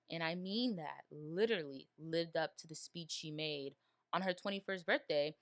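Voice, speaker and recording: A woman's voice: fairly low pitch, sharp tone, dry recording, clean studio sound. A woman hosting a solo podcast, talking through a TV review in an emotional, rambling way. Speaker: podcast host.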